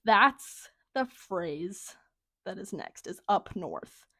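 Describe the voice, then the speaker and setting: A woman's voice: medium pitch, lively intonation, very slow, a bit bright, husky, no echo, clean studio sound. A young woman co-hosting a casual chat, talkative and laughing often. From Minnesota, USA. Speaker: podcast co-host.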